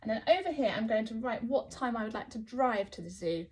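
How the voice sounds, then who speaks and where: A woman with an English accent teaching phonics to young children, sounding out letters slowly and praising often. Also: on the high side, animated, a little mellow. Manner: slow, sounding out letters, encouraging. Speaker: early years teacher.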